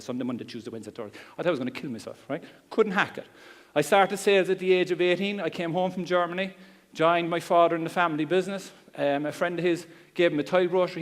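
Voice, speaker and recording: Fast-talking Cork man in a hall. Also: on the high side. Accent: Cork Irish. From Ireland. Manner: chatty, joking, blunt slang. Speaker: seminar speaker. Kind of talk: live seminar talk. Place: seminar hall. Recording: long hall reverb.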